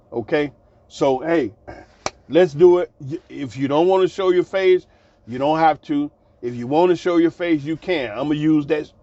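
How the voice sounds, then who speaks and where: A man's voice: fairly high pitch, dark tone, dry recording, dull audio. A man hosting his channel, telling stories in a casual, laughing, colloquial way and repeating his phrases. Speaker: channel host. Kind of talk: casual storytelling monologue.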